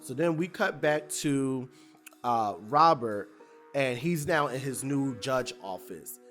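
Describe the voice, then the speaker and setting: A man's voice: medium pitch, animated, takes it slowly, a bit bright, faint music behind. A man casually recapping a TV episode, retelling scenes in a loose, chatty way and voicing characters' lines as he goes. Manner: loose, chatty retelling with fillers and acted-out quotes. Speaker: TV recap reviewer.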